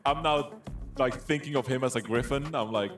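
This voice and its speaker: A man's voice: mid-range voice, over music. A man discussing esports on a broadcast desk, talking enthusiastically. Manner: fast, enthusiastic. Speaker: esports analyst.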